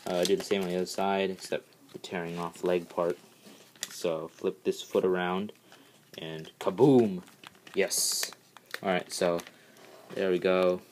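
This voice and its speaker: A man with a very low voice walks through transforming a custom toy in a casual, rambling way. He keeps restarting his sentences and breaks into bursts of excitement. A faint hiss sits under the recording. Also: moderate pace. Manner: eager, rambling, many "all right, so" restarts.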